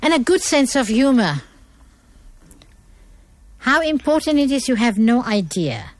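A woman's voice: a little high, sing-song, a little slow, no echo. A middle-aged woman from India, giving an earnest, emphatic talk on manners as a guest. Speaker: guest speaker.

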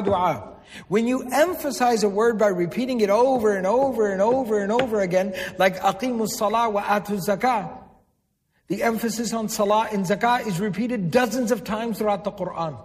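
A man giving a religious lecture to a live audience, quizzing them and repeating key words for emphasis. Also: sits high. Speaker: religious teacher. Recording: long hall reverb.

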